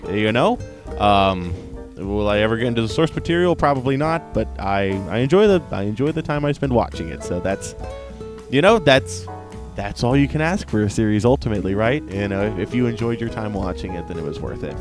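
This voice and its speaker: A man's voice: lowish voice, brisk, music in the background. Rambling, laid-back male anime reviewer. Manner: rambling, many restarts and fillers, frequent "right?"; laughs often, gets animated when amused. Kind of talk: casual spoken review.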